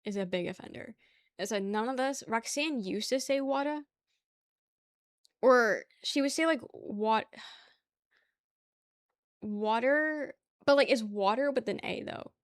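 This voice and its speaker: A young woman from the New York area chats casually on a stream, rambling, laughing often, and reading the chat aloud. Her voice is on the high side at a moderate pace, recorded in studio quality with no echo.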